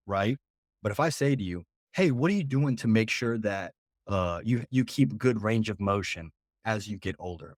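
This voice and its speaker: A man coaching on a group call, talking casually and directly and acting out quick bits of client dialogue. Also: lowish voice, dry recording, clean studio sound. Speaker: business coach. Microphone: video call.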